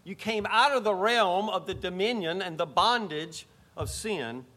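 Bright-voiced emphatic male preacher. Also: unhurried. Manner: emphatic preaching, rising to exclamations then dropping to low asides. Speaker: pastor. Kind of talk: sermon.

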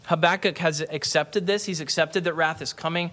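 A middle-aged man delivers a sermon with a fairly high voice. He preaches earnestly and with emphasis, slowing down to press home key phrases. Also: steady tone, fairly bright tone. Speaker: pastor.

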